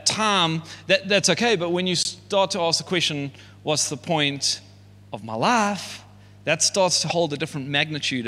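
A man gives a sermon in a high, ringing voice. He talks in a relaxed way, then builds to forceful, emphatic peaks. His words carry a long echo around a large hall. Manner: conversational, rises to emphatic peaks. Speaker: pastor.

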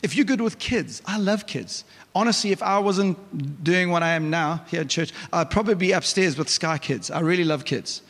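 Gravelly pastor in a hall. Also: male voice, a little high, moderate pace. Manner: energetic, conversational, frequent restarts. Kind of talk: sermon. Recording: reverberant church hall.

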